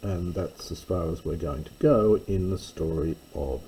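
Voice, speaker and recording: A man's voice: low-pitched, a little slow, dark tone, a little hiss or hum, low-quality recording. A man teaching a verse-by-verse lesson on Greek scripture, thinking aloud with fillers and self-corrections. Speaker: Bible teacher.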